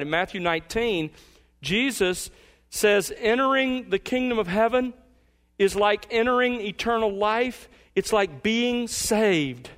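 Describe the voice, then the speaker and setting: Male pastor, expository sermon, emphatic, measured, slightly high voice. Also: a bit bright. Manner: emphatic, measured, slows to stress key words.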